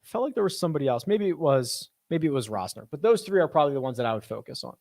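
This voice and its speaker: A young man with a somewhat high voice talks through viewer questions on a live stream, musing aloud as he goes. His voice sits close and dry, with no room sound around it. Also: big pitch swings, fast talker, gravelly, a little mellow, dry recording. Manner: chatty, thinks aloud, reads viewer questions. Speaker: host. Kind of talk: casual live-stream chat.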